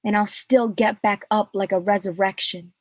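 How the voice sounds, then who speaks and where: A woman poet performing a spoken word piece over a video call with a slow, measured, repeating cadence. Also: mid-range voice, fairly even intonation, no room sound. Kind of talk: spoken word poetry reading.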